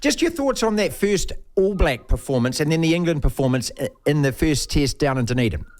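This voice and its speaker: A man's voice: fairly high pitch, animated, brisk. A man hosting a radio sports show, chatting casually and animatedly with his guest, often calling him mate. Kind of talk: casual radio interview chat.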